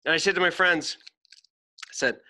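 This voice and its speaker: Bright-voiced, foul-mouthed motivational man. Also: on the high side, moderate pace. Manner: blunt, heavy swearing, emphatic. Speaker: podcast host. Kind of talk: motivational podcast talk.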